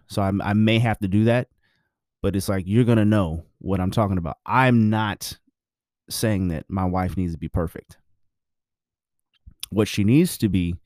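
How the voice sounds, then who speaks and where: A man's voice: fairly low pitch, darkish tone, no echo, studio quality. A married man giving his views in a blunt, preachy, profane casual monologue.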